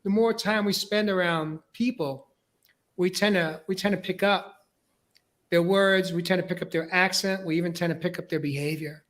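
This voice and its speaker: Male host, New York accent, high voice, casual and meandering. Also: moderate pace, fairly bright tone. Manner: rambling, repeats words while building points. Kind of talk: casual podcast discussion.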